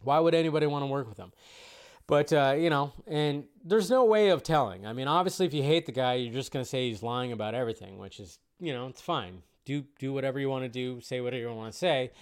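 A man's voice: medium pitch, expressive, fast, hardly any pauses, smooth. A man hosting a casual live stream about film news, chatty and rambling, cursing now and then.

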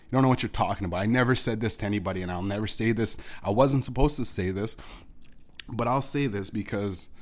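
A man's voice: fairly low pitch, darkish tone. A Canadian man hosting his own show, delivering a heated, profane rant at his absent father, repeating himself and restarting sentences. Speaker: podcast host. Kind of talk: angry solo rant to an absent parent.

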